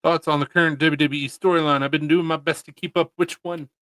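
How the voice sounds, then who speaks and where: A man's voice: a little high, fairly even intonation, quick pace, fairly bright tone, no echo, poor audio. A man hosting a casual livestream, chatting in a laid-back, rambling and jokey way. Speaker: livestream host. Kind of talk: casual chat.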